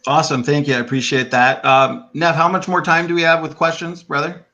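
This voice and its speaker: A man's voice: a little high, flat delivery, a little fast, bright, forceful tone, lo-fi sound. A man moderating a debate, reading out audience questions with many hesitant ums.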